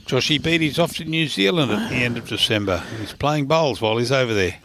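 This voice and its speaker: A man's voice: mid-range voice, lively intonation, brisk, background noise. A man chatting casually as a co-commentator at a bowls match. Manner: easygoing, chatty, dry humour.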